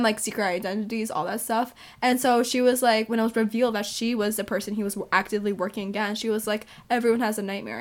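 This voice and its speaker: A young woman co-hosting a casual podcast chat, gushing about books and movies in run-on bursts full of fillers. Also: fairly high pitch. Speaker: podcast co-host.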